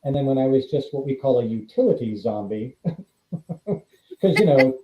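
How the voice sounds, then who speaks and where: At medium pitch and a moderate pace, a male actor and author from California chats informally as an interview guest. He acts out the voices in his stories with animated energy. The sound is dull and roomy, recorded remotely.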